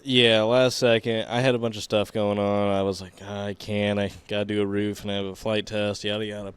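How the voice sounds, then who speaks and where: A man's voice: on the low side, level tone, a little fast, clean tone. A man co-hosting a podcast in casual chat, laid-back and laughing along often. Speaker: podcast co-host.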